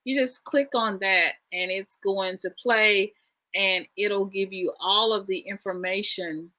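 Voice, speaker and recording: Woman from the US, live stream host, chatty, bright voice, friendly. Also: mid-range voice, steady tone, takes it slowly. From United States. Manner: chatty, friendly, many fillers. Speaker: channel host. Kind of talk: live stream chat with viewers.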